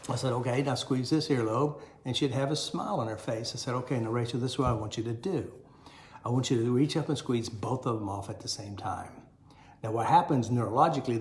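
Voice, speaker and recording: Man telling stories in an echoey room. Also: mid-range voice. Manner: folksy, repeats himself, acts out remembered dialogue. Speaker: self-help teacher. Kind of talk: personal storytelling.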